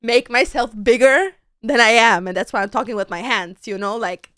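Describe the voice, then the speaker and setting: A young woman streaming, chatting casually and reacting excitably, jumping to squealing highs. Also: normal speed, clear, resonant tone, dry recording. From Latin America.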